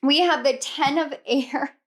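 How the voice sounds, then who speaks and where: A woman's voice: high voice, a little slow, fairly bright tone. A young woman giving a casual tarot reading, emotional and gushing, laughing often as she goes. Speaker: tarot reader.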